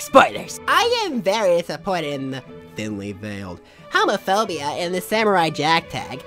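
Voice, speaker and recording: A woman's voice: on the low side, huge pitch swings, normal speed, fairly bright tone, soft background music. A young woman reading online posts aloud for comedy, dry and sarcastic, now and then bursting into mock outrage.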